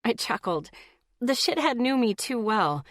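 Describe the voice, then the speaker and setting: A woman's voice: fairly high pitch, big pitch swings, measured pace, dry recording, clean studio sound. A woman reading a first-person audiobook in a casual, lightly wry tone. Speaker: audiobook narrator.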